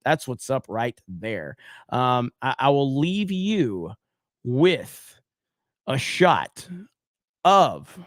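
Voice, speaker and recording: A man's voice: medium pitch, big pitch swings, extremely slow, pauses often, no room sound, clean studio sound. A man hosting his own livestream in a chatty way, reading viewer comments aloud and laughing often. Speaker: livestream host. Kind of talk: casual livestream sign-off.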